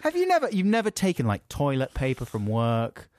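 Giggly man with lively pitch. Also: a little fast, no echo, clean studio sound. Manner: playful, giggly, reads listener letters. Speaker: podcast co-host. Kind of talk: casual comedic chat.

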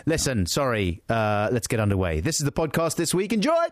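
A man's voice: mid-range voice, big pitch swings, a little fast. Playful jokey male radio co-host. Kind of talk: casual banter. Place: radio studio.

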